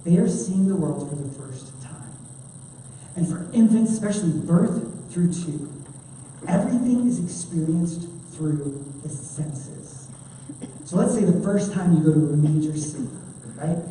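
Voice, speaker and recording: A woman giving an animated conference training talk to children's ministry volunteers, chatty and full of fillers. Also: fairly low pitch, unhurried, slight background noise. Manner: chatty, animated, many fillers, acts out quotes. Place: large church hall. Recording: echoey hall from far off.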